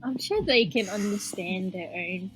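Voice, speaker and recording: A woman's voice: mid-range voice, unhurried, faint music behind. A woman co-hosting a podcast, chatting casually with a giggly, teasing manner. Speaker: podcast co-host. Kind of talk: casual chat.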